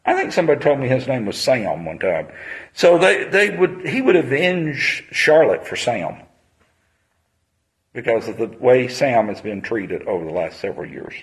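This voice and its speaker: A man's voice: medium pitch, sing-song, moderate pace, rough recording. A man, preaching a sermon on a Bible passage in a conversational storytelling manner.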